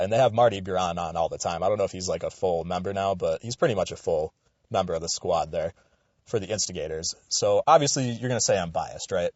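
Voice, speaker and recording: A young man with a fairly low voice rambles through a casual sports commentary, swearing freely and getting animated. He is recorded close and dry, and the sound is a little dull. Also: no room sound. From Western New York. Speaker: radio show commentator.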